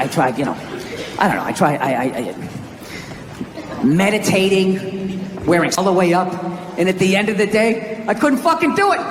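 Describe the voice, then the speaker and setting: American comic ranting and cussing on stage, shouty, big echoey theater with a loud crowd. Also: male voice, very high-pitched, heavy background noise. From United States. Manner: ranting, profane, shouts punchlines. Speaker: stand-up comedian. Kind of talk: stand-up comedy set. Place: theater stage before a live audience.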